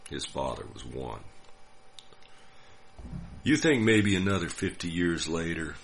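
An older man from the United States telling a personal story in a dry, wry, unhurried way. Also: low voice, animated, gravelly, a little hiss or hum. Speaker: narrator. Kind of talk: scripted storytelling.

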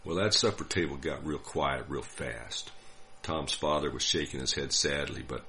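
An older man from the United States telling a personal story in a dry, wry, unhurried way. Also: rumbling low, pushed and bright, slight background noise. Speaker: narrator. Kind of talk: scripted storytelling.

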